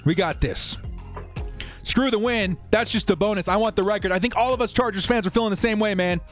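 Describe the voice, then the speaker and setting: A young man hosting a live watch-party stream, chatting with viewers and getting excited over each play. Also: high voice, a little fast, soft background music.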